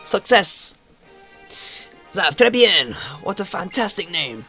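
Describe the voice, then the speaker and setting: A man's voice: high voice, very animated, takes it slowly, pushed and bright, faint music behind, voice pushed up, heavily acted. A man voicing a jolly male Pokémon professor in a hammy mock French accent, reading game dialogue aloud. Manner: hammy, over-the-top.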